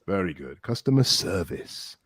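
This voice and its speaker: A man hosting an English teaching podcast, encouraging his student, praising often and drilling words slowly. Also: deep voice, very animated, slightly rough, dry recording.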